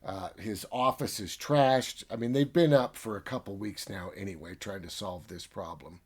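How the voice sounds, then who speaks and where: A man's voice: fairly low pitch, normal speed, slightly rough. A man reviewing a book by retelling its plot in a chatty, filler-heavy way. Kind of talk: casual story retelling.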